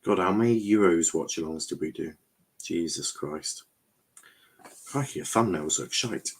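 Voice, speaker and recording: A young man with a fairly low voice chats casually on a live stream, reading out comments as he goes. He rambles, trips over his words and drops the odd swear. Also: a little slow. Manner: chatty, rambling, swears, stumbles and repeats himself. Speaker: watchalong streamer host.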